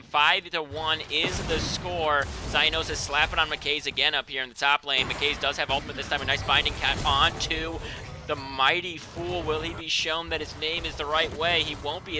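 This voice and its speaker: A man giving rapid play-by-play commentary on a live esports match, his voice climbing to shouts on big plays. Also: a little high.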